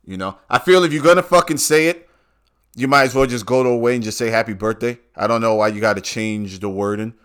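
A man's voice: mid-range voice, quick pace, fairly bright tone, clean tone. A man delivering a casual, profane rant to his viewers in street slang.

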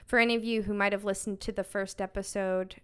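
A young adult woman hosting a podcast, chatting casually and leading segments in a relaxed, steady way. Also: medium pitch, fast, clear, resonant tone. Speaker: podcast host.

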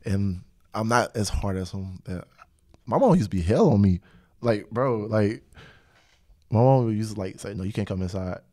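A young man hosting a casual podcast conversation. His voice sits on the low side, and he drifts through stories with plenty of laughter. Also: animated, measured pace, pauses often, a little mellow. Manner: rambling storyteller, laughs often. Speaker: podcast host. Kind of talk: casual chat.

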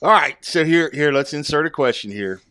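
A man's voice: a little high, lively intonation, a little fast, sharp tone, smooth, no room sound, studio quality. A man co-hosting a podcast, teasing the others playfully. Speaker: podcast co-host. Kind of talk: casual podcast chat.

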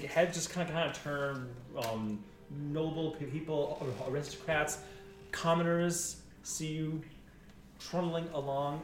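A man narrating as game master in a rambling, lively way with many restarts. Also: a little high, slight background noise. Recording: echoey room, mic far off.

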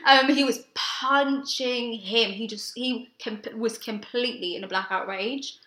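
Bright, echoey woman telling stories. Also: on the high side, unhurried. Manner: storytelling, swears freely, animated when excited. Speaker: podcast co-host. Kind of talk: casual chat. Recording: roomy echo.

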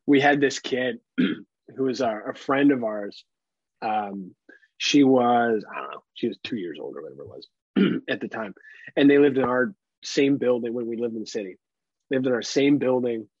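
A man's voice: on the low side, darkish tone, husky, no echo. A man co-hosting a casual podcast, telling laid-back stories and swearing freely. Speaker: podcast co-host. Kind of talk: casual chat. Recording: dull lo-fi sound.

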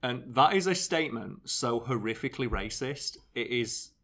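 A man co-hosting a podcast, chatting casually into a podcast mic. He talks in an animated, sarcastic way and rambles with lots of fillers. His voice sits at a middle pitch. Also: normal speed. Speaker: podcast co-host. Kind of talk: casual chat.

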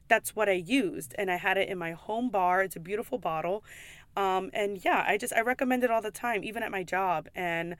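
A woman's voice: medium pitch, a bit bright, no echo. Woman, pub server, casual vlog; chatty and emphatic, swears, dry close sound. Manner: frequent "like" and "okay?" asides.

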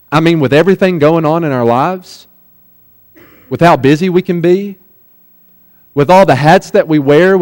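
A young man preaching a sermon in a church, emphatic, slowing right down to linger on the key words. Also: high-pitched, a little mellow. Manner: emphatic, with slow drawn-out quoted phrases. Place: church sanctuary. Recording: long reverb of a church hall.

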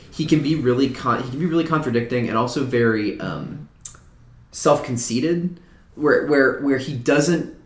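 A man in casual chat as co-host, talking in an animated way, repeating himself and swearing freely. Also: medium pitch. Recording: echoey room.

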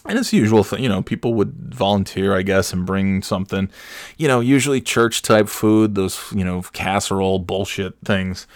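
A man's voice: low voice, moderate pace, no room sound, clean studio sound. A man telling a comic story in a profane, sardonic, rambling way.

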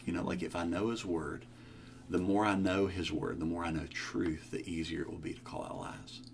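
A young man as a podcast guest, talking about faith in a casual chat, with animated, joking storytelling. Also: low voice, normal speed, creaky, a little hiss or hum. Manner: animated storytelling, jokey asides.

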